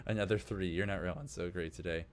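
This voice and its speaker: A man narrating as game master of a tabletop game, describing scenes loosely with many fillers. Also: sits low.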